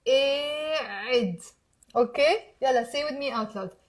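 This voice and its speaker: A woman from Mount Lebanon with a Lebanese accent, speaking in a slightly high, lively voice. She teaches Arabic casually and keeps urging her learners to repeat aloud with her. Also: moderate pace. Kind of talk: casual language lesson.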